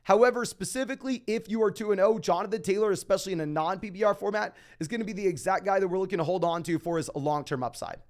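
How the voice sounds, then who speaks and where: A young man hosting a casual fantasy football Q&A, reading out viewer questions and answering them in a quick, emphatic way. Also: high-pitched. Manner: fast, emphatic, calls listeners "my man". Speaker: fantasy football podcast host.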